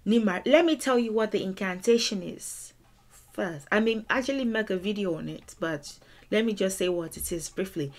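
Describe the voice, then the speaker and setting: A woman teaching a language lesson, explaining song lyrics in a deliberate, emphatic way and repeating words for stress. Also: mid-range voice.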